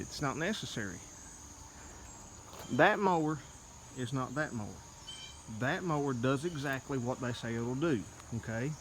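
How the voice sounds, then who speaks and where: A man's voice: mid-range voice, a bit bright, a little hiss or hum. A man talking to the camera outdoors on a hillside, plainspoken and a bit out of breath, repeating "okay?" to drive his points home. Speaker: lawn care business owner.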